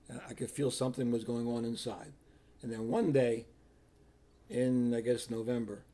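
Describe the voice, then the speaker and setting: An older man who was once a priest tells his life story plainly in an interview, acting out what other people said. His voice is mid-range and warm in tone.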